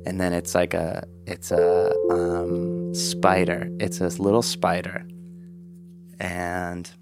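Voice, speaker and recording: A man improvising a comedic story in a rambling, halting way, with many fillers and frequent throat clearing. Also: fairly low pitch. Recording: loud guitar music behind. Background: guitar music.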